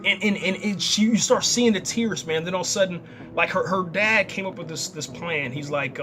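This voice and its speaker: A young man excitedly recapping a TV episode in casual, slangy talk, often repeating words as he goes. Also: high-pitched, normal speed, noisy background. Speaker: TV show reviewer.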